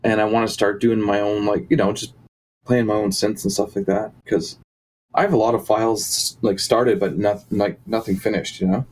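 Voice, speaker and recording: A man's voice: lowish voice, steady tone, normal speed, darkish tone, rough recording. A man talking casually as a musician guest in an interview, rambling with many fillers and restarts. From Canada.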